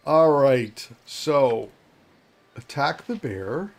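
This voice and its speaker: Husky and a little mellow, this mid-range voice belongs to a man in his fifties casually commentating on his gameplay. He rambles, talks to himself and chuckles while playing.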